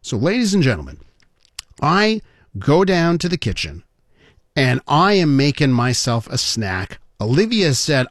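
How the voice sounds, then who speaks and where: A man hosting a radio talk show, telling a story in a playful, animated way and talking straight to his listeners. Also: medium pitch, a little slow, no room sound, clean studio sound. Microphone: studio mic.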